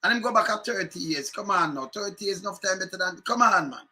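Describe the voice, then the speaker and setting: A man's voice: sits high, lively intonation, fast talker, sharp tone. A Jamaican man delivering a heated, repetitive political rant in patois-laced speech. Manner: fiery, repetitive, sarcastic, mixes patois. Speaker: political commentator.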